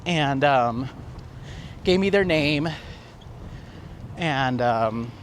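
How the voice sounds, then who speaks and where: A man vlogging while walking outdoors, retelling a story in a chatty, animated way with laughs. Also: medium pitch, extremely slow. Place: outdoors on a city street. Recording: faint traffic and street noise.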